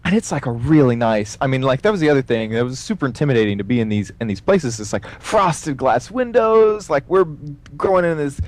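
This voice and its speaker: A man casually telling a story as a podcast guest, animated and full of fillers, acting out the voices of the people in it. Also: mid-range voice, a little fast. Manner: animated, acts out quoted voices, many fillers.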